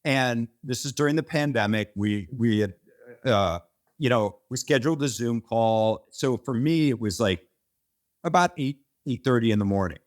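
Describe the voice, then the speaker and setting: A company founder in a relaxed interview, talking in long rambling runs. His voice sits at an ordinary middle pitch, and he tells the story with plenty of restarts and the odd swear word. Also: normal speed. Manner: rambling and animated, frequent restarts and mild swearing.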